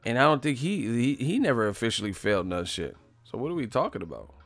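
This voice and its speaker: A man's voice: medium pitch, big pitch swings, quick pace, fairly bright tone, no room sound, faint music behind. A man hosting a boxing channel, riffing in a loose, profane comedic rant and laughing often. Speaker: boxing commentator.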